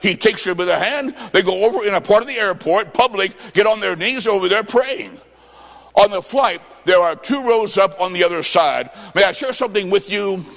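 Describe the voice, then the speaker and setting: Man preaching, high pitch, gravelly, shouts and sings his lines, big hall reverb. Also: normal speed. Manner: animated, with sudden shouts and sing-song phrasing. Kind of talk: sermon with storytelling. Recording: long reverb of a large hall.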